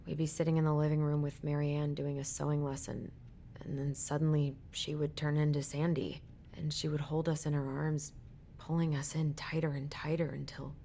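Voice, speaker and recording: An actress playing a quiet, haunted young woman in a game, speaking in a soft, subdued, hesitant way. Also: low voice. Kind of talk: game dialogue. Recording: game audio with clear noise.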